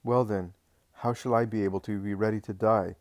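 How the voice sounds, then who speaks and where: A man's voice: fairly low pitch, steady tone, brisk, a little mellow, no echo, clean studio sound, close to an everyday voice. A man reading the lines of Peter, an earnest and anxious male disciple, in a religious audiobook. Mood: earnest, worried.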